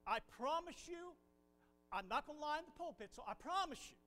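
A man's voice: extremely high pitch, fairly quick, in a large hall, faint music behind, low-quality recording. A man from Ohio preaching a sermon from the pulpit, telling folksy stories. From Ohio, USA. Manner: folksy storytelling, animated. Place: church pulpit.

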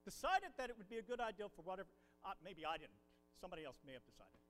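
A man's voice: sits high, racing, in a large hall, rough recording. A man from Ohio preaching a sermon from the pulpit, telling folksy stories. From Ohio, USA. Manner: folksy storytelling, animated. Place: church pulpit.

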